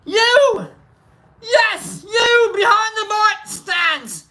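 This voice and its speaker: Lady hamming up a scottish schoolmaster, hollering at kids, high bright yell. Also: animated, very slow, exaggerated voice. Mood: bellowing. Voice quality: over-the-top put-on brogue. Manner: bellowing orders. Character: shouting strict Scottish schoolmaster, male, middle-aged.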